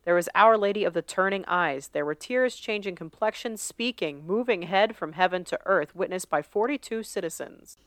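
Casting: woman podcast co-host, smooth and clear, dry close sound, reads a list with casual asides. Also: lowish voice, expressive, moderate pace, few pauses, no room sound.

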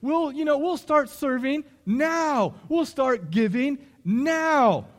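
A man's voice: very high voice, lively intonation, takes it slowly. A middle-aged man preaching a sermon in a conversational, emphatic storytelling way.

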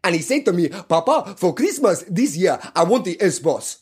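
A man's voice: sits high, very animated, moderate pace, slightly rough, voice pushed up, heavily acted. A man voicing a brusque Nigerian taxi driver who lectures his passengers, in a Nigerian pidgin English accent. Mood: scolding. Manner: stern, lecturing, exasperated.

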